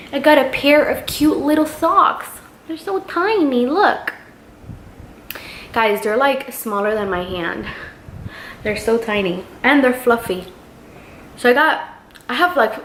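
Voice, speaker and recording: A woman's voice: medium pitch, a little hiss or hum. A young woman chatting casually as she shows off baby clothes, gushing and full of fillers. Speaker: vlogger showing a baby haul. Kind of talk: casual show-and-tell chat. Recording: roomy home recording.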